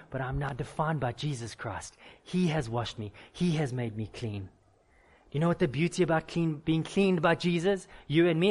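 A man's voice: fairly high pitch, a little mellow. A man, a pastor, preaching a sermon with candid personal stories and emphatic, repeated lists.

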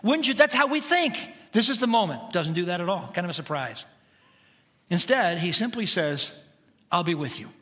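Bright-voiced male pastor preaching. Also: high-pitched, very animated, normal speed. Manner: conversational preaching, swings from hushed to shouting. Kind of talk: sermon. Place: church sanctuary.

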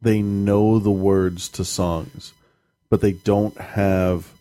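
A man with a fairly low, mellow voice talks in a loose, rambling way. He is a co-host in a casual chat, telling stories with animation and the odd curse word. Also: very slow. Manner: rambling, animated storytelling with profanity. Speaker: podcast co-host, parent.

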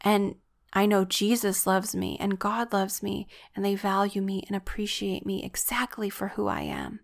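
A woman shares a personal faith testimony in an earnest, reflective way. Her voice carries a steady vocal fry, and her pitch sits in the middle range for a woman. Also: moderate pace.

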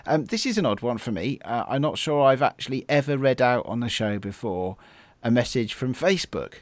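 Dry-sounding podcast host. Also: male voice, medium pitch, expressive, no echo. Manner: brisk, chuckling, moves the show along. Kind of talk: casual chat.

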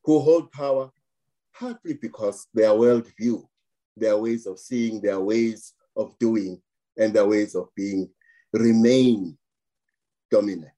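Man, slow deliberate delivery, mellow dark tone, emphatic rhetorical repetition. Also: on the low side, poor audio. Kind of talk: deliberate interview argument.

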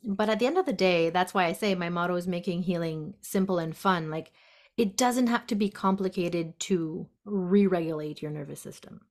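A woman guest on a podcast, gently explaining step by step how to handle anxiety, acting out the inner voice. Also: on the low side, moderate pace. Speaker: guest, intuitive health practitioner. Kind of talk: casual podcast conversation. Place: sunroom at home.

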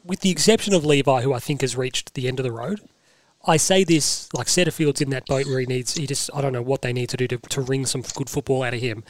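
An Australian man hosting a casual sports podcast, animated and forceful, repeating himself for emphasis. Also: medium pitch, fast, no room sound. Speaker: podcast host.

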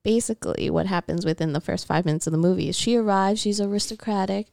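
Woman rambling about old movies, fry in her voice, pretty dead dry sound. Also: mid-range voice, steady tone, quick pace, a little mellow, no room sound. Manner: rambling, laughs often, swears casually. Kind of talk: casual chat about films.

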